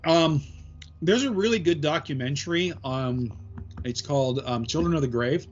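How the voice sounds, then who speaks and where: A man's voice: on the high side, normal speed, dull audio. A man guesting on a podcast as a paranormal investigator, explaining at length with many "um" fillers. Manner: rambling explanations full of "um" fillers. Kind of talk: casual podcast chat.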